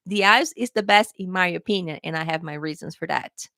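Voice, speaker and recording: A woman's voice: lowish voice, brisk, bright, forceful tone, no echo. Woman english tutor doing a live q&a, super chatty, says okay guys a lot, dry close sound. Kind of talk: casual live Q&A lesson.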